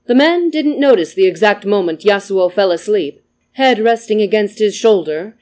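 Gentle storybook narrator. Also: medium pitch. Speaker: story reader.

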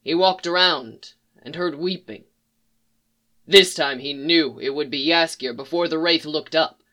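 A reader narrating a dark fan fiction story in a measured, solemn way. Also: medium pitch.

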